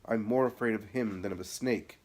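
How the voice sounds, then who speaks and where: A man's voice: lowish voice, fairly quick, darkish tone, lightly acted. A man reading the part of an earnest apostle pleading with his cousin to beware of a false friend. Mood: grave. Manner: impassioned, pleading.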